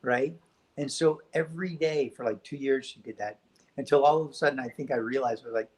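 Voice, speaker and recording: A man speaking as a guest on a spiritual talk show, telling stories in a gentle, reflective way. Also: mid-range voice, a little fast, poor audio.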